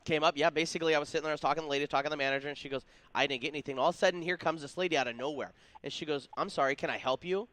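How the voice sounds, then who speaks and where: A man co-hosting a casual racing talk show, excited, often stumbling and repeating his words. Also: fairly high pitch, very fast, hardly any pauses. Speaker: co-host. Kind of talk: casual storytelling chat.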